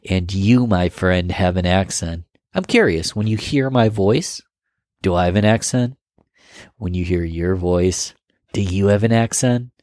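A man's voice: deep voice, unhurried, a little mellow, no room sound, clean studio sound. A man from Rochester, New York, with a Western New York accent, musing aloud in a casual monologue and putting questions to the listener. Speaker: vlogger.

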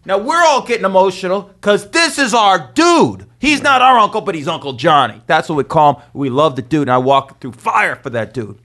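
A man telling a rowdy story in a casual podcast chat, animated and swaggering, acting out the people he describes. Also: high-pitched, moderate pace, few pauses. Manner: animated, swaggering storyteller who acts out the people in his stories. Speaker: podcast co-host.

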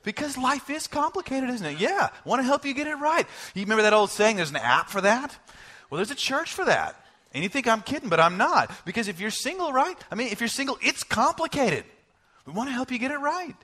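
A man preaching to his church in a high, lively voice that leaps around in pitch. His tone is bright, and he jokes with the congregation, slipping into short acted voices when he quotes people. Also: a little fast. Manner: animated, joking, acts out quoted voices. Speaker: pastor. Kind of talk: sermon. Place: church service.

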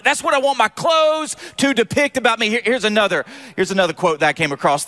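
A man preaching a sermon as pastor, animated and joking with the congregation in church. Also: very high-pitched.

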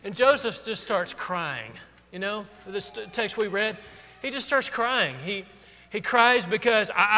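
Guy preaching a sermon, bright tone, acts out the quotes, big echoey hall. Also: high voice, expressive, a little slow. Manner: conversational, acts out quotes with rising emotion. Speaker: pastor.

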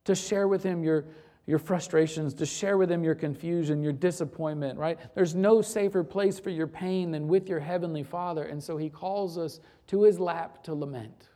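A man's voice: fairly high pitch, fairly even intonation, normal speed, warm tone. A male pastor preaching a sermon to his church, emphatic and repeating phrases for effect.

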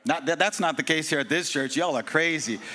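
Bright-voiced energetic male preacher. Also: a little high, fairly quick. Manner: energetic, casual preaching with slang and humor. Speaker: pastor. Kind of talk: sermon. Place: church service.

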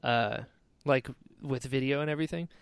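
A man from North Carolina hosting a podcast, chatting in a relaxed, friendly way and laughing often. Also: medium pitch, normal speed, gravelly, clean tone, no room sound. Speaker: podcast host. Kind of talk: casual chat. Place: home studio in Florida, dry sound.

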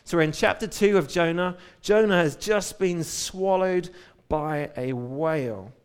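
A man's voice: a little high, measured pace, clean tone. A man preaching a sermon in a church, talking casually, with everyday asides between Bible readings. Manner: conversational, retells scripture with casual asides.

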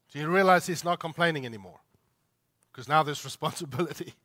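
A man's voice: on the high side, fairly quick, sharp tone. A man preaching a sermon, emphatic, repeating his points and asking the listeners rhetorical questions. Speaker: pastor.

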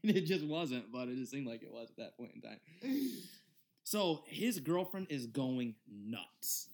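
A man in his twenties casually telling a long story on a podcast, rambling and animated, acting out the other people's lines. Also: mid-range voice, unhurried. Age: 20s. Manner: rambling, animated retelling with quoted dialogue. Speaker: podcast host.

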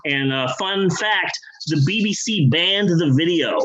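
A man co-hosting a podcast, telling a comedic story in a rambling, profane, animated way. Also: a little high, a little slow, highs cut off. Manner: rambling, animated, profane, drops into character voices. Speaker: podcast co-host.

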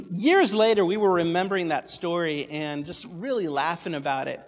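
Man, sermon storytelling, animated, hushed then loud, echoey hall, muffled sound. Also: fairly high pitch, normal speed. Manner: animated, swinging from hushed asides to loud excited bursts.

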